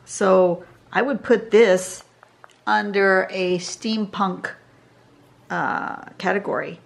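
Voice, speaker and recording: Woman, drawing instructor, slow and gravelly, tired, chatty as she works. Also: medium pitch, steady tone. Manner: chatty, thinks aloud while drawing. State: tired, yawning. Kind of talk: casual drawing tutorial. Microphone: camera over a drawing desk.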